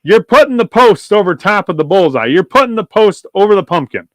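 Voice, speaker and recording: Man playing a salty old veteran sharpshooter: loud, high-pitched, profane barked orders. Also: very animated, fairly quick, no room sound. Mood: scolding. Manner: barking, profane, drill-sergeant orders. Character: gruff old male Korean War veteran marksman.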